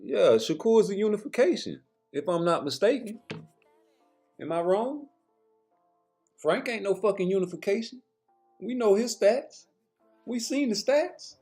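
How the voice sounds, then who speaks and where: A man's voice: high voice, animated, a little slow, pauses often, dark tone, husky, faint music behind. A man giving a blunt, slangy boxing commentary rant straight to his viewers, with profanity.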